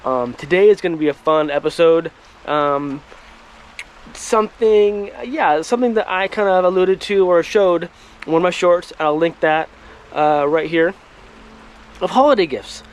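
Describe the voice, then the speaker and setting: A man hosting a firewood channel, talking casually to camera outdoors in halting speech full of ums and restarts. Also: on the high side. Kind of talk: casual vlog talk to camera. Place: outdoors by a woodpile, rain and traffic nearby. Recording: light rain and road noise behind.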